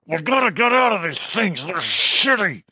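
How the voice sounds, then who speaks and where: A man's voice: high voice, very animated, normal speed, pushed and bright, husky, no echo, voice pushed up, exaggerated voice. A man doing a crude, irritated rich man. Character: rich, rude man trapped in a wolf costume.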